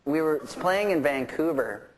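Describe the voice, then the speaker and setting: A man's voice: on the high side, animated, a little slow, slight background noise, low-quality recording. A man guesting on an onstage interview, telling stories in a casual, rambling way with many fillers and restarts and laughter running through them. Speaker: interview guest, rock musician.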